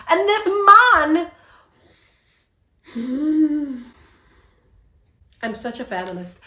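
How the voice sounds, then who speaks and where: A young woman giving a casual, animated book review, swearing a lot and sounding exasperated. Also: high voice, very slow, pauses often, reverberant.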